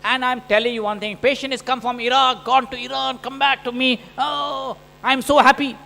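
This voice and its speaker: A man with an unusually high, bright voice lectures from a conference stage, animated and joking as he narrates a surgery in the first person. His voice carries a long hall reverb through the stage microphone. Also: fairly quick, gravelly. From India. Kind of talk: conference lecture over surgical video.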